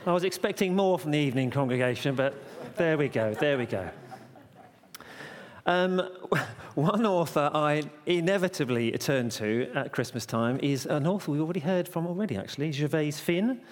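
A man's voice: fairly high pitch, expressive, moderate pace. A man preaching a carol service message in a church, conversational and playful, telling puns. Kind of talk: sermon with jokes. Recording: long church reverb.

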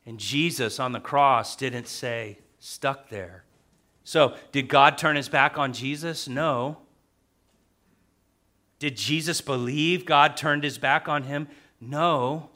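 Slow emphatic guy preaching, kinda high bright voice, repeats stuff, goes quiet then loud. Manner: emphatic, repeats key phrases, swings from soft to loud. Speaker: pastor. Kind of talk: sermon.

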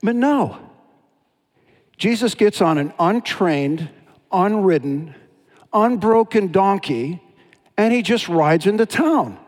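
A man's voice: sits high, slow, pauses often. Man preaching a sermon in a reverberant hall. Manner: storytelling, animated with dramatic retellings. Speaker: pastor.

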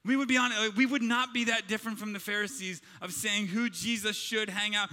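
Bright high-voiced preaching man. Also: normal speed, few pauses, in a large hall. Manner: animated, conversational preaching with acted-out quotes. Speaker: pastor. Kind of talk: sermon.

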